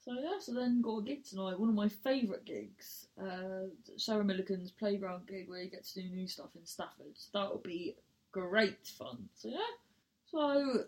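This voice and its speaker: A young woman with a southern English accent, a comedian chatting casually and telling rambling, sweary stories. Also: mid-range voice. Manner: sweary, rambling, animated storytelling. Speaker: stand-up comedian hosting a podcast. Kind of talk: casual chat.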